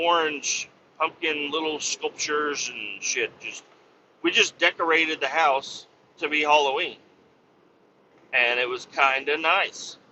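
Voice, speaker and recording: A man's voice: mid-range voice, pushed and bright, highs cut off, a little hiss or hum. A man rambling casually about family life, swearing freely and joking at his own expense, full of fillers. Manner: profane, rambling, self-mocking with many fillers. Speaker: podcast host and family man.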